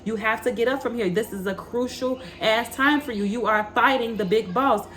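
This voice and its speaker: A woman's voice: a little high, normal speed, a bit bright, slight background noise. A woman gives a spiritual tarot reading, fiery and preachy, swearing freely. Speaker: tarot reader.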